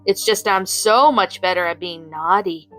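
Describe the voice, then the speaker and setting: A woman's voice: on the low side, moderate pace, fairly bright tone, faint music behind, close to an everyday voice, rough recording. A woman voicing a sarcastic female supervillain thief who snarls and purrs her lines in a fan story reading. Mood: snarky teasing. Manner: sarcastic, snarling, teasing purr.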